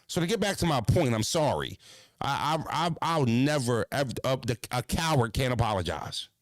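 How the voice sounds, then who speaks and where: A man hosting a casual podcast, ranting bluntly with profanity, jumping into animated voices and stuttering restarts. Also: medium pitch, moderate pace, no echo. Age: adult. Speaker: podcast host.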